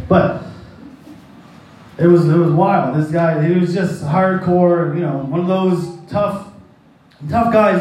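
A pastor with a high, slightly mellow voice preaches a sermon, telling a personal story in a rambling, folksy way and laughing at his own jokes. The recording has an echoey hall sound with a distant mic.

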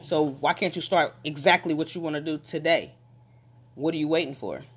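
Emphatic speaker hyping folks up, repeats stuff a lot, mid-pitch voice, casual motivational rant. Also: brisk, husky. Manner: emphatic, repetitive, rising to passionate pushes. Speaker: relationship and motivation talker.

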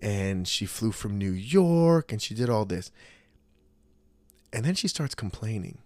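A man's voice: lowish voice, measured pace, no echo. Blunt, profane man in casual chat. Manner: blunt, profane, animated storytelling. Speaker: podcast co-host, martial arts academy coach.

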